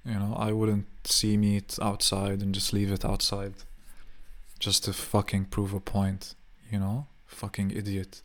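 A man's voice: on the low side, monotone, measured pace. A young man venting in a rambling, profane casual monologue, full of fillers.

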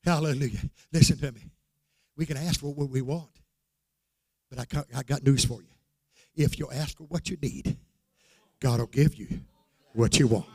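An older man preaching a fervent sermon, repeating praises and building to shouted, sung-out phrases. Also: mid-range voice, normal speed, long pauses, slightly rough. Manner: fervent, repeats "glory to God" and "hallelujah".

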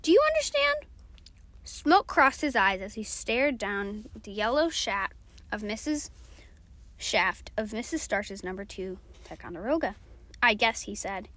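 Woman reading a story out loud, bright sharp voice, acts out the dialogue. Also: mid-range voice, a little slow, no echo. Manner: lively read narration with acted dialogue. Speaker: reader. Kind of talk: reading a novel aloud.

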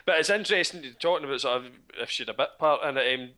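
Bright-voiced man, opinionated chat. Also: mid-range voice, very fast. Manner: animated, opinionated, swears casually. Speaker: podcast co-host. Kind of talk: casual chat about a TV show.

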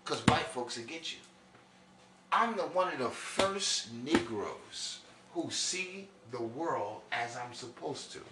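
A man from New York doing a loud, preachy comic monologue that swings between high and low. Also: lively intonation, takes it slowly, distant mic, very noisy. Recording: echoey room, from off-mic.

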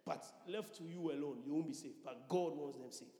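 A man's voice: on the high side, a little fast, dark tone. A male pastor preaching a sermon, repeating lines for emphasis and calling out to the congregation. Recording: echoey church hall reverb.

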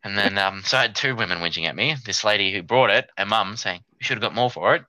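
Bright-voiced Australian man telling a story. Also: on the low side, fast talker, no echo. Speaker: podcast co-host. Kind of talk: casual storytelling chat. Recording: dull lo-fi sound.

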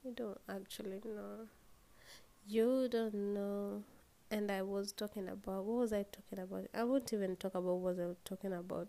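A woman's voice: medium pitch, fairly even intonation, moderate pace, gravelly, mellow. A tired young woman with a Kenyan accent hosts a casual solo podcast, rambling, yawning and swearing freely as she switches between English and Swahili. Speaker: podcast host.

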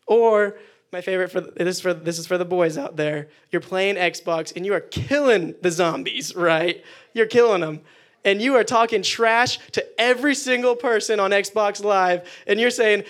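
Young male youth pastor, higher-pitched, animated and chatty in the pulpit. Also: moderate pace. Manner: animated, acts out quoted prayers. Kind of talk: casual youth sermon.

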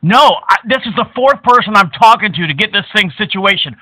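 A man making a prank phone call, crude, abusive and mocking, at times bursting into shouts. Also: high voice, animated, a little fast, no echo. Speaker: prank caller.

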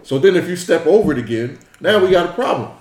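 A man co-hosting a podcast, teasing and cursing in animated banter. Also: on the high side, fast, echoey room, recorded from a distance. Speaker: podcast co-host.

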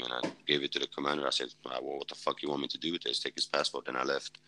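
Fast and barely pausing, a bass-voiced Swede delivers a war story in a flat, pushed, bright voice. He's a native speaker from Sweden and a former fighter and medic guesting on a podcast, telling it casually and bluntly with plenty of swearing, rambling and false starts. Dry, rough recording.

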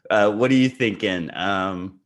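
Low-voiced joking man on a podcast. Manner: playful, teasing, quick to crack jokes. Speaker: podcast co-host. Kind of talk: joking casual banter.

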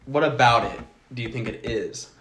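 A man's voice: mid-range voice, normal speed, a bit bright, reverberant. A man hosting a podcast, chatting casually, joking, swearing and laughing often. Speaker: podcast host. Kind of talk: casual chat.

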